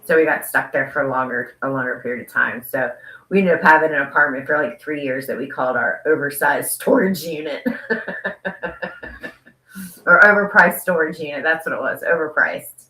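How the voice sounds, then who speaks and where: A talkative woman co-host with a bright, forward tone. She rambles easily through casual conversation and laughs a lot. Her voice carries a roomy echo. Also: rumbling low, quick pace. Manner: chatty, laughs often, rambling. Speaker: podcast co-host. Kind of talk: casual interview chat.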